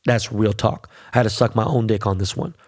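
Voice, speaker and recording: A man's voice: on the low side, steady tone, fairly quick, darkish tone. A middle-aged man hosting his own podcast alone, ranting in a profane, boastful way. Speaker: podcast host. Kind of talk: solo podcast monologue.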